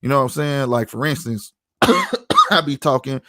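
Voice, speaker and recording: St guy on a podcast, slangy storytelling, dry close sound, mid pitch. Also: huge pitch swings, moderate pace, sharp tone, no room sound. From St. Louis, USA. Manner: slangy, storytelling, lots of "you know what I'm saying". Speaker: podcast host. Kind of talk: casual podcast chat.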